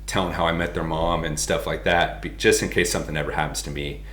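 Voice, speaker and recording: A man in his thirties from the United States, a podcast guest telling stories in a casual, animated way and laughing as he goes. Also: extremely low pitch, fast talker, slight background noise. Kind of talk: casual storytelling. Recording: roomy echo.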